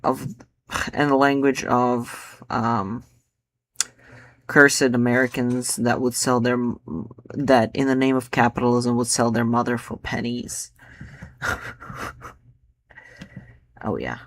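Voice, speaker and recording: A man's voice: medium pitch, flat delivery, unhurried. Rambling young man musing on poems. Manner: rambling, full of filler words, drifting into mutters. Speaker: poet. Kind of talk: casual chat about his own poems.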